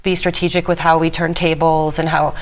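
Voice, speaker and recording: A woman being interviewed as a bar co-owner, answering in an earnest, explanatory way with filler pauses. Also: deep voice, level tone.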